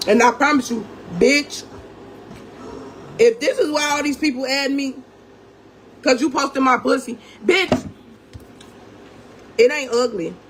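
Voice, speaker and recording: A young vlogger rants angrily through a story, swearing and addressing her viewers head-on as "gang." She has a fairly high-pitched voice, with slight background noise in the clip.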